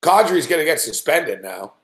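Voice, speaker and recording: A man hosting a late-night sports betting show, ranting loudly and cursing constantly. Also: a little high, very animated, normal speed, roomy sound. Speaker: host. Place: indoor home studio.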